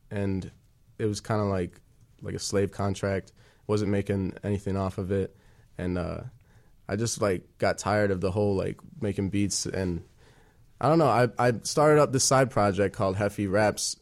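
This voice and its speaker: A young man with a fairly low voice talks about his music in a relaxed chat. He trips over his words, restarts, and leans on fillers. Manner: halting, many fillers and restarts. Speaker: guest musician. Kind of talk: casual chat.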